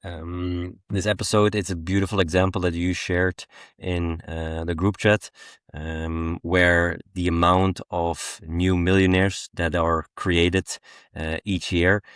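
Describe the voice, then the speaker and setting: Low, flat-voiced Flemish man. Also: slow pace, clear, resonant tone, dry recording, studio quality. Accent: West Flemish. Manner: relaxed, many ums and uhs, laughs often. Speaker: podcast co-host. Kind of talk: casual chat.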